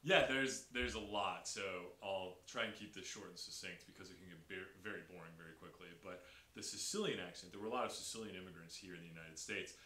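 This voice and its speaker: A man chatting energetically on a podcast, explaining language and accents with lively enthusiasm. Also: deep voice, brisk, hardly any pauses. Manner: energetic, imitates Italian accents. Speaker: podcast guest. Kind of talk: casual podcast chat. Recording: echoey room with faint hiss.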